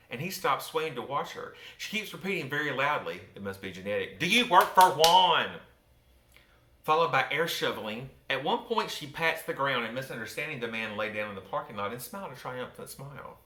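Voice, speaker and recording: Southern man, softened accent, theatrical storyteller, bright tone, roomy sound. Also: mid-range voice, animated, fairly quick, a little hiss or hum. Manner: wry, theatrical, with joking asides to the listener. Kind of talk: personal storytelling from his book. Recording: roomy echo.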